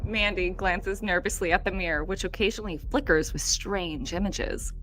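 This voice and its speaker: A woman's voice: on the low side, normal speed, a bit bright, a little hiss or hum. A woman co-hosting a paranormal podcast who keeps breaking into laughter and apologizing. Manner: giggly, laughs constantly, apologetic. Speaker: podcast co-host. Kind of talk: casual chat while reading a story.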